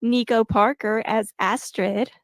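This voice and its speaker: Calm, matter-of-fact woman co-host. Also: on the high side, takes it slowly, dry recording, studio quality. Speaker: podcast co-host. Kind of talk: casual movie review chat.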